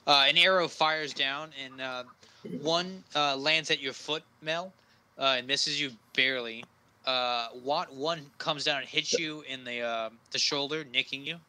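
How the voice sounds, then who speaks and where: A man's voice: medium pitch, bright, forceful tone, clean tone. A man narrating as game master of a tabletop role-playing game, talking with frequent hesitations. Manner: halting, with frequent uh fillers.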